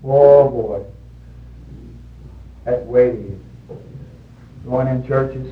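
A man preaching a sermon in a folksy storytelling way, with sudden shouted bursts when he quotes people. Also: medium pitch, steady tone, a little slow, pauses often. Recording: roomy, distant, dull old recording with faint hiss.

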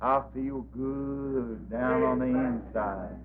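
A man's voice: medium pitch, slow pace, phone-quality sound. A man preaching a revival sermon, fervent and folksy, repeating phrases in a rolling rhythm.

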